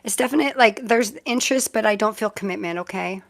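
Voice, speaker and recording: A woman's voice: medium pitch, fast talker, gravelly. A middle-aged woman hosting a casual live-stream tarot reading, chatty and easily sidetracked, often breaking into giggles.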